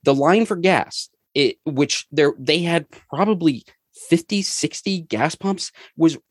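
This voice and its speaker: A man's voice: fairly high pitch, slow, dry recording, clean studio sound. A man co-hosting a podcast, telling a long rambling story in casual chat and laughing as he goes. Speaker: podcast co-host.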